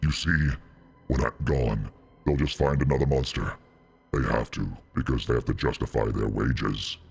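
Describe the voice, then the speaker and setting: A streamer putting on a brooding, weary demon voice, slow and grim. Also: male voice, fairly even intonation, soft background music, full character voice. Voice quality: deep gravelly growl. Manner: slow, grim, philosophical musing. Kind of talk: gaming livestream.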